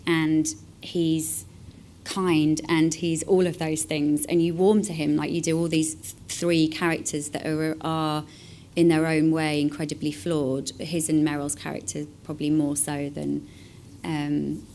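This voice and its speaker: Low-voiced woman, reflective. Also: level tone, unhurried, darkish tone, slight background noise. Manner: reflective, with many fillers and restarts. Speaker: actor discussing a favourite film. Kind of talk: casual conversation.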